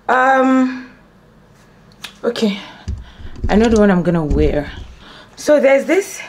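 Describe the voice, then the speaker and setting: A young beauty and lifestyle vlogger chats playfully with her viewers in a casual behind-the-scenes vlog while getting ready at home among her filming lights. Her voice is medium-pitched, with a little hiss or hum in the audio.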